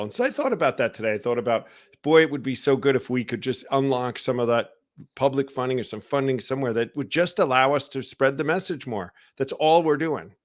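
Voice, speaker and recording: A man hosting a live online recovery show, talking casually and greeting viewers by name. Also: medium pitch. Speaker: show host. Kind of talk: casual live-stream talk.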